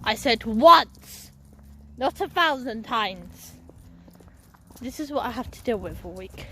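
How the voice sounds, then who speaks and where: A young woman vlogger chats casually into her phone as she walks along a busy street near a bus stop, swearing freely. Her voice is a little high, with lively intonation and a measured pace. Loud traffic noise fills the outdoor recording, with cars and buses passing by.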